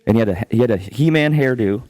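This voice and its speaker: A man, hosting a casual podcast chat and telling rambling, profane stories, acting out shouts. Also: medium pitch, fast talker. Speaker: podcast host.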